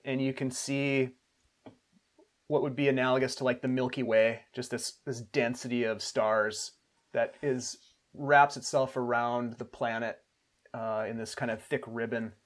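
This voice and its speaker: A man serving as game master, setting the scene at a steady, descriptive pace and restarting phrases now and then. His voice sits in a middle pitch. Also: moderate pace. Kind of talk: narrating a tabletop game.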